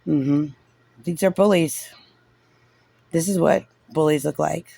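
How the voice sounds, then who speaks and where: A man's voice: on the high side, steady tone, slow pace, creaky, dark tone, no echo. A man giving casual, sarcastic and frustrated reaction commentary on a recorded meeting, saying "like" constantly. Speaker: parent reviewing a recorded meeting.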